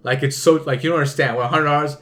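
A young man hosting a casual podcast chat, his voice sitting a bit high. He rambles and restarts often, filling his talk with little fillers. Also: fairly even intonation, rapid-fire, fairly bright tone. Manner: rambling, lots of "like" and restarts, laughs easily. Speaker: podcast host.

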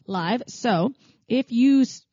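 A woman's voice: on the high side, expressive, takes it slowly, warm tone, breathy edge, no room sound. Woman co-host for casual podcast chat, talkative, easy laugh, dry slightly muffled sound. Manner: chatty, laughs easily, many fillers.

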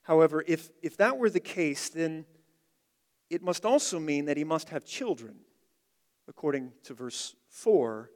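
Male pastor, slightly high voice, emphatic sermon delivery, long hall reverb. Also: lively intonation, measured pace. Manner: emphatic, repeats key phrases, swings from loud to quiet. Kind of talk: expository sermon.

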